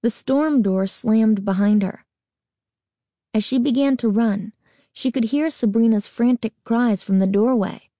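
Slow, deliberate woman narrator. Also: medium pitch, fairly even intonation, warm tone, dry recording, clean studio sound. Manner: measured, deliberate reading. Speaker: audiobook narrator. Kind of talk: scripted narration.

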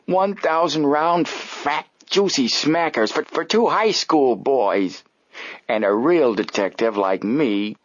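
A man voicing a blustering, pompous small-town detective who shouts in disbelief. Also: high voice, animated, normal speed, hardly any pauses, husky, dull audio, pitched above the performer's own voice. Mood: lamenting. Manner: shouting, incredulous.

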